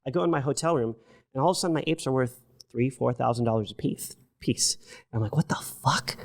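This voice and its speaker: A man talking at a rapid clip, telling his story with lots of cursing. He acts out the voices of the people he quotes, and his pitch sits in the middle range. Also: creaky. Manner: profane, animated, acts out quotes of others. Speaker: podcast guest. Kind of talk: casual storytelling.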